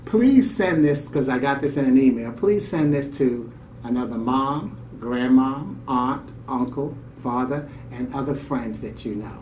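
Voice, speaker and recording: A man's voice: medium pitch, a little slow, a little hiss or hum. A man co-hosting a show, reading a story aloud and adding his own reflective asides. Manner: warm, reflective delivery with off-the-cuff comments. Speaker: radio show co-host. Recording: roomy, distant mic, faint ambience.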